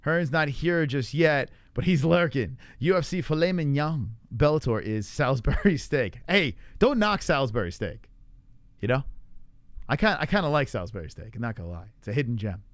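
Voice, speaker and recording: Man, live-stream host, casual fight chat, loose and profane, smooth clear voice, dry close mic. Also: medium pitch, expressive, moderate pace, dry recording. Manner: loose, profane, rambling with frequent fillers. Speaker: livestream MMA show host. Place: home in Arizona.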